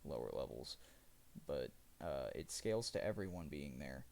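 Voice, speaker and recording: In a casual livestream chat, a man rambles about a video game, often correcting himself mid-sentence. His bass voice is sing-song with vocal fry and a darkish tone, at normal speed. A little background noise can be heard.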